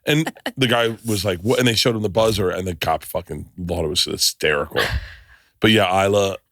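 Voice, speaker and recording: Low-voiced excitable male podcast host. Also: fairly quick, dry recording, clean studio sound. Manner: profane, excitable storyteller. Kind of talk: casual chat with ad read. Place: podcast studio.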